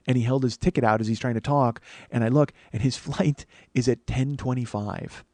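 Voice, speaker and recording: A man's voice: mid-range voice, fairly even intonation, a little fast, few pauses, a little mellow, dry recording. A man hosting a comedy podcast, telling a rambling, profane story with sarcastic asides. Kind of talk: casual storytelling monologue.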